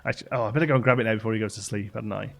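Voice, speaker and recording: A man's voice: on the low side, fairly even intonation, racing, vocal fry, a little hiss or hum. A young man chatting casually on a live stream, rambling and enthusiastic, with lots of fillers and restarts.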